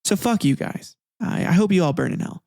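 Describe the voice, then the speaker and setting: A greedy church reformer talks down flippantly and scornfully, as a man puts him on. The voice sits a bit high with a gravelly crackle, recorded dry. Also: expressive, fairly quick, a little mellow, dry recording.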